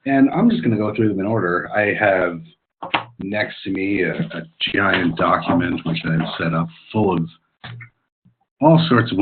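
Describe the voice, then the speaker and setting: A man with a deep, low voice talks through audience questions in a relaxed, thinking-aloud manner, filling pauses with ums and uhs. The sound is narrow and tinny, like a phone line. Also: noisy background. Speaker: technical expert answering audience questions. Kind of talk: webinar Q&A explanation. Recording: tinny phone-like webinar audio.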